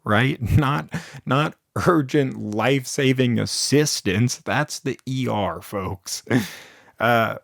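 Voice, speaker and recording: A man's voice: medium pitch, takes it slowly, vocal fry, no echo, studio quality. Chuckling man telling rambling stories. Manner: rambling, chuckles between lines, lots of fillers. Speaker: storyteller. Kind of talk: improvised comic storytelling.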